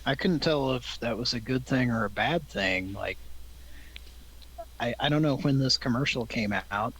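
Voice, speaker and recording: A man's voice: medium pitch, normal speed, a bit bright, slightly rough, rough recording. Amused man hosting a live comedy show. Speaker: host. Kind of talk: casual banter on a live show.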